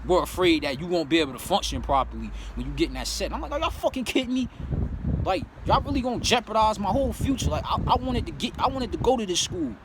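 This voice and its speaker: A young man with a fairly high voice tells his life story in a blunt, profane vlog, full of "you know what I'm saying." He turns loud and heated as he relives old anger. Faint street traffic hums behind him outdoors. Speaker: vlogger. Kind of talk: candid personal storytelling.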